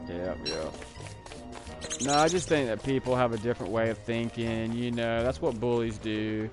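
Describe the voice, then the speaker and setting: A man's voice: mid-range voice, moderate pace. A man live streaming who chats in a casual, rambling and digressive way, talking back to his viewers. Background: music.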